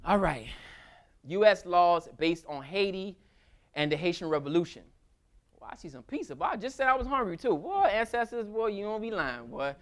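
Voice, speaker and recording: A man giving a casual history lecture at a school, telling stories in a lively, colloquial way. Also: high voice, normal speed. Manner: animated, colloquial storytelling. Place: school hall with audience.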